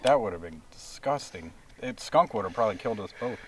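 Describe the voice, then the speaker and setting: A man's voice: lowish voice, a crowd in the background. An American man, a guest, talking casually and laughing as he recalls old trips. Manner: lively, laughing, quick agreeing replies. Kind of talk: casual chat.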